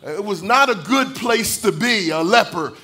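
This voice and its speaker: Bright-voiced man preaching a rousing sermon. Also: high voice, expressive, measured pace. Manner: call-and-response preaching, swelling into shouts and sung phrases. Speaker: pastor.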